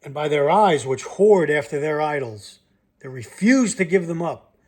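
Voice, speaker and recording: Guy with a slightly high voice reading bible verses then preaching at you about them. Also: animated, moderate pace, a little mellow. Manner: reads verses aloud, then breaks off to comment and challenge listeners. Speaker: Bible teacher. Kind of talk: scripture reading and sermon.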